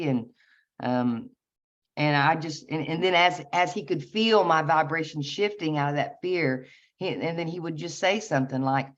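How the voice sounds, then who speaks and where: A woman with a low, deep voice tells a personal story in a relaxed, halting way, breaking into small laughs and starting her sentences over. The sound is dull and lo-fi. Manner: laughs often, halting with restarts. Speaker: guest sharing a personal story. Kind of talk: casual storytelling.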